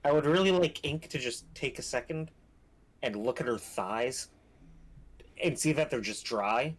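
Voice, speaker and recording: A man's voice: medium pitch, unhurried. A man streaming a game, joking casually and reading out narration. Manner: joking, mocking banter. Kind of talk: casual let's-play chat and narration reading.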